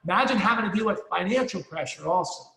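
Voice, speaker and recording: Middle-aged man, motivational sales speaker, punchy and rallying, gravelly edge, slightly high voice. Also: expressive, quick pace, bright, forceful tone. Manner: punchy, rallying, repeats himself, swears casually. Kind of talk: fired-up motivational speech. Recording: echoey hall, long reverb.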